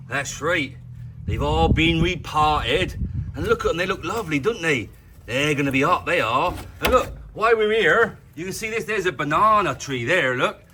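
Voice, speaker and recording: A man with a fairly high, sharp-toned voice, with a little hiss or hum in the audio, presents a jokey weather vlog from his garden. He keeps it playful and casual, talking straight to the viewer.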